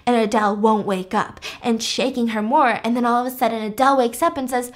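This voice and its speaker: A woman hosting a podcast, recapping a story in a casual, animated, chatty way. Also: a little high, a little fast, few pauses. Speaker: podcast host.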